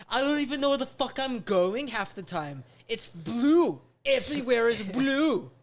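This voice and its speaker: A woman with a somewhat high voice, riffing through a comedic rant on a live-streamed podcast. She talks loudly and in exasperation, and she swears freely. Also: lively intonation, measured pace. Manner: loud, exasperated, profane riffing. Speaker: podcast co-host.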